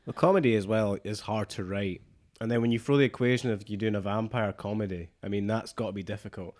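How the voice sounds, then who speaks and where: A man's voice: lowish voice, fairly even intonation, quick pace, darkish tone. Enthusiastic male podcast co-host, casual film chat. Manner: chatty, enthusiastic, quotes scenes in voices.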